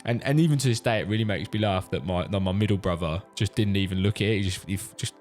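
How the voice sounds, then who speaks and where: A British dad casually telling a funny story, animated and swearing freely. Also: male voice, fairly low pitch, fast talker. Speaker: vlogger, father. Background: faint background music.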